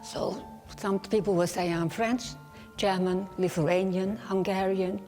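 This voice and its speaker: A woman in her fifties from England whose speech has a foreign-sounding accent like Polish or Russian, speaking slowly and with effort, grammar sometimes broken, as she tells her own story. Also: medium pitch, steady tone, darkish tone, long reverb tail, soft background music. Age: 50s. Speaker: interviewee. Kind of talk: personal testimony.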